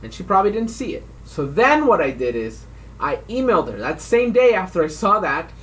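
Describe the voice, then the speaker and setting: Animated, joking man co-hosting a podcast. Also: high voice, fairly quick. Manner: joking, swears freely. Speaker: podcast co-host. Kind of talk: casual drinking-podcast banter. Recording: voice a bit far from mic, faint noise.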